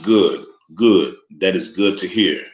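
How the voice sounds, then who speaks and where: A man voicing an older, formal crime boss who speaks with a thick accent in a storybook reading. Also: low voice. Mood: courteous. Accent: thick foreign accent. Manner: formal, polite, unhurried speech. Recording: echoey, slightly muffled room recording.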